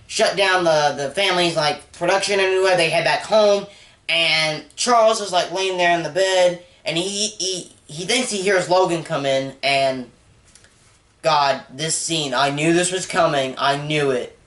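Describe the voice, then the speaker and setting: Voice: mid-range voice, measured pace, a bit bright, reverberant. A movie reviewer recapping a film in a rambling, casual way, full of "like" and openly emotional about the story.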